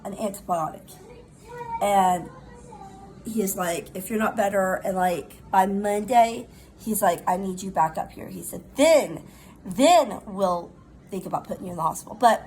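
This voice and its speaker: A middle-aged woman, chatting casually in a rambling, animated storytime while recovering from pneumonia. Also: mid-range voice, a little hiss or hum, poor audio. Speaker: vlogger.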